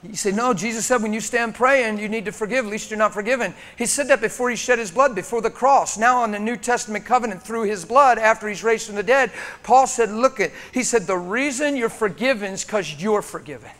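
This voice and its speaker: An American man preaching a sermon in a church, impassioned, swinging from loud urging to hushed tones. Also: high voice, brisk, few pauses. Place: church sanctuary.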